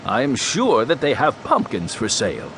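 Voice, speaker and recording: A man reading a storybook, voicing a kindly, measured older grandfather close to his own voice. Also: mid-range voice, wildly swooping pitch, fairly bright tone, a little hiss or hum.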